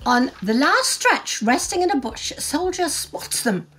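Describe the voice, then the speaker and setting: A woman co-narrating a history documentary in a measured, emphatic way with hushed asides. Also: sits high, sing-song.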